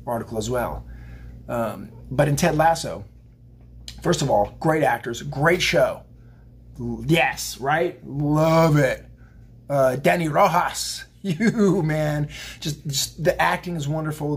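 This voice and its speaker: A man's voice: medium pitch, slightly rough. A man giving a casual spiritual tarot reading to camera. He rambles and speaks straight to his viewers. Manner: rambling, chatty, addresses viewers directly. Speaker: tarot card reader.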